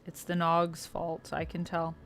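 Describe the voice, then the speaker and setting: A woman's voice: lowish voice, monotone, measured pace, a bit bright, slight background noise. A woman chatting casually on a livestream while she colors, reading out and thanking viewers. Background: faint background music.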